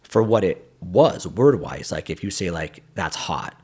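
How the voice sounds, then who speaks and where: A young man from Greece with a slight Greek accent, a podcast guest telling his story in casual chat, animated and mimicking slang. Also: low voice, measured pace, husky.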